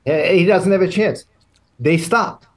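A man, a guest on a podcast, telling insider anecdotes in a measured, unhurried way with small hesitations. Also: sits high. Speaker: podcast guest, guitar industry veteran. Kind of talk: casual interview chat.

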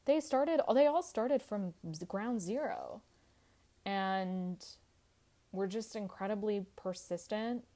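A woman's voice: mid-range voice, takes it slowly, warm tone. A woman hosting a podcast, talking in a casual, candid monologue, full of "like" fillers, swearing freely and laughing easily. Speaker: podcast host.

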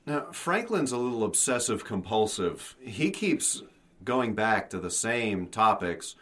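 A man's voice: lowish voice, very animated, unhurried, fairly bright tone. A man co-hosting a podcast, commenting casually on a horror movie in a laid-back way. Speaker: podcast co-host.

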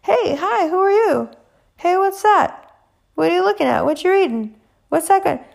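A woman's voice: very high-pitched, expressive, normal speed, vocal fry, voice pushed up, heavily acted. A woman voicing a carefree restaurant guest who chatters and asks curious questions. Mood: giddy. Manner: bubbly, distracted questions.

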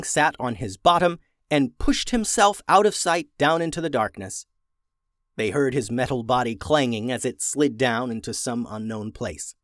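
A man reading a children's adventure story aloud, expressive and slowing down for suspense. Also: mid-range voice, no echo, studio quality.

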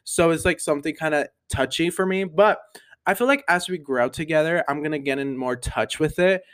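A nineteen-year-old man hosting a solo podcast, rambling casually with lots of fillers in an animated, upbeat way. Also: a little high, fairly quick. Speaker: podcast host.

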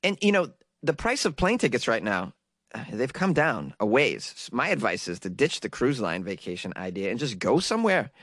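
A man's voice: medium pitch, big pitch swings, normal speed, a bit bright, dry recording, studio quality. A man hosting a comedy news podcast, rambling jokily and often laughing at his own remarks. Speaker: podcast host. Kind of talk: casual comedic news commentary.

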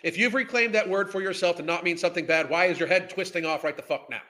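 Male podcast host, high bright voice, profane incredulous rant. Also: fast. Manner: profane, exasperated, incredulous ranting. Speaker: podcast host reacting to clips. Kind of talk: ranting commentary.

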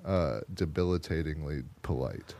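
A man's voice: extremely low pitch, animated, normal speed, vocal fry, warm tone, no echo. An American man co-hosting a podcast in casual banter, laid-back and wry. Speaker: podcast co-host.

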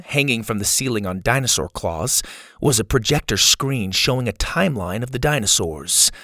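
A male narrator reading a kids' adventure story with lively, swooping intonation at a middle pitch. The recording is dry and close, with no room sound. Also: no echo. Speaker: audiobook narrator.

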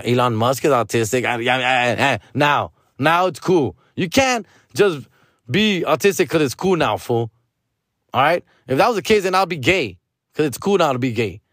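A man's voice: mid-range voice, a bit bright, dry recording, studio quality. A man from Los Angeles, a stand-up comedian telling a comedic story, profane and slangy and sprinkling in Spanish words.

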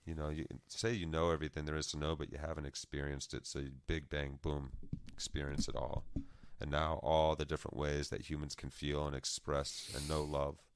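A man's voice: very deep voice, little pitch movement, fairly quick, few pauses, smooth, no room sound. A man co-hosting a podcast, musing at length in a casual philosophical discussion and sometimes trailing off mid-thought. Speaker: podcast co-host.

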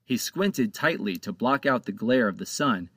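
A man narrating his own children's pirate storybook in a lively, expressive reading, close to the mic. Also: mid-range voice, moderate pace, dry recording. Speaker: author and narrator.

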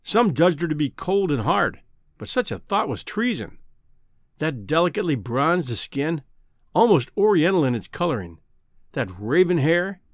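A man narrating a classic novel in an expressive, old-fashioned literary reading. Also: fairly high pitch, dry recording, clean studio sound. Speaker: audiobook narrator. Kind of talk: storybook narration.

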